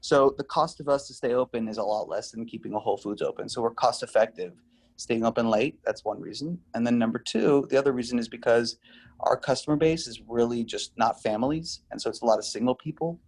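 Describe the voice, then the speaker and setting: A man representing a business, explaining store plans in a halting way at a neighborhood council meeting held on a video call. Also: mid-range voice, a little mellow.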